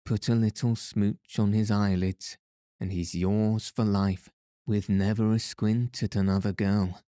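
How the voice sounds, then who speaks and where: A man puts on the sly, teasing brogue of a jovial old Irish peddler for a storybook reading. His natural voice is mellow and lowish with little pitch movement, unhurried and unforced. The recording is dry and close, with no echo.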